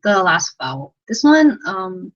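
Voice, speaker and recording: A woman's voice: mid-range voice, very animated, a little slow, dull audio, noisy background. A young woman teaching a casual livestream lesson from her bedroom at night, rambling, giggly and self-deprecating, with lots of "like.". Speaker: language tutor.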